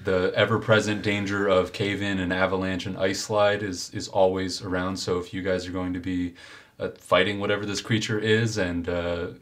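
A man narrating a tabletop game as game master, unhurried and thinking aloud with fillers. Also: deep voice.

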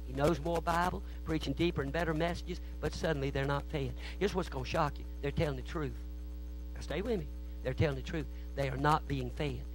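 A man preaching a sermon in a church, telling stories that swing from hushed asides to loud shouting. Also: a little high, a little hiss or hum, poor audio. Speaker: guest preacher. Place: church sanctuary.

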